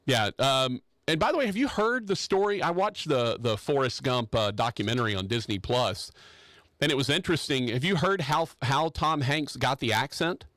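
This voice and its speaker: A man hosts a radio talk show from the studio, riffing on a topic in casual, opinionated chat that rambles, jokes and restarts plenty. His mid-range voice is expressive and a bit bright at a moderate pace, with no room sound.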